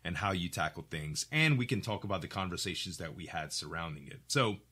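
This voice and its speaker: A middle-aged man from Louisiana hosting a casual podcast chat, articulate and animated, acting out quoted lines. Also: sits low, brisk, husky. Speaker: podcast host.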